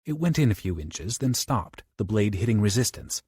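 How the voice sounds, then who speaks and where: A man narrating a horror audiobook with a low, slightly husky voice. His delivery swings widely in pitch as the tension builds, recorded dry and close. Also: normal speed, few pauses, no room sound. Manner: dramatic, with lively shifts into character voices.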